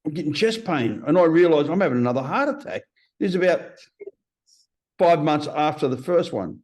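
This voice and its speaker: A man in his fifties, a podcast guest telling stories in a blunt, profane, animated way. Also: on the high side, brisk. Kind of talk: casual interview storytelling.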